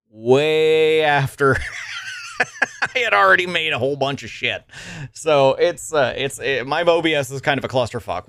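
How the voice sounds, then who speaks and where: A man's voice: mid-range voice, fairly bright tone, no echo, studio quality. A young man streaming live, chatting casually to his viewers, rambling and swearing freely with frequent laughs and restarts. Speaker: livestreamer.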